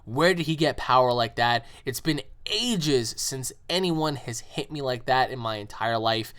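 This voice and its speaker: A man's voice: medium pitch, lively intonation, a little slow, a bit bright, clear, resonant tone. A man voicing a boastful vengeful warrior. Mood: angry. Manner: boastful threats, mostly in the teller's own voice. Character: arrogant vengeful male Saiyan warrior.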